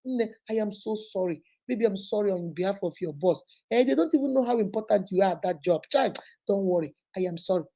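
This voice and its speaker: Lady doing an anxious wife saying sorry over and over, soft and pleading. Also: fairly high pitch, steady tone, fast, few pauses, close to an everyday voice. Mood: soothing. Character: fretful apologetic wife, eager to please.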